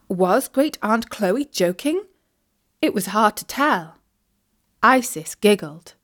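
Slow, gentle woman reading a storybook. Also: medium pitch, expressive. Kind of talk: storybook narration read aloud.

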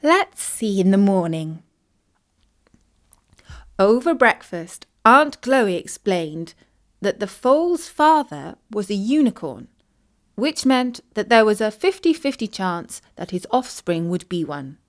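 Slow, gentle woman reading a storybook. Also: medium pitch, big pitch swings. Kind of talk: storybook narration read aloud.

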